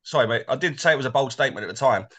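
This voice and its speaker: A forty-something man co-hosts a casual football podcast. His voice is bright and forward. He tells loose, rambling stories and laughs easily. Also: mid-range voice, expressive, very fast. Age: 40s. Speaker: co-host.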